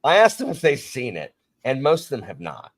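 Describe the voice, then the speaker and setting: A man hosting a casual book discussion, talking in an animated, rambling way with frequent restarts. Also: medium pitch, a little fast, breathy edge. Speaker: podcast host and teacher.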